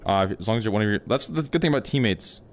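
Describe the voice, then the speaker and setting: In casual livestream gaming chat, a man talks rapid-fire and animatedly to his teammate and viewers on a headset mic, rambling as he plays. His voice sits on the low side.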